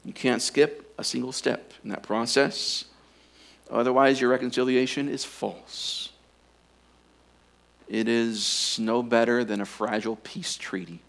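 Male pastor, mid-sermon, earnest and pressing, goes quiet for emphasis. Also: mid-range voice, steady tone, unhurried, gravelly. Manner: earnest, urging, drops to quiet intensity on key points.

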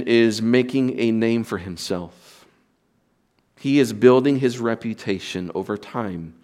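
Slow, emphatic male pastor preaching. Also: mid-range voice. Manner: earnest, emphatic preaching with repetitions and restarts. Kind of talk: sermon.

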